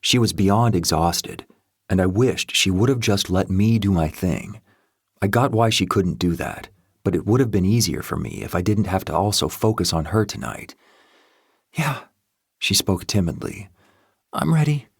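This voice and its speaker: A man with a deep, low voice reads a first-person audiobook in a steady, measured way. The recording is dry and close, with no room sound. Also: breathy edge, no echo. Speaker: audiobook narrator.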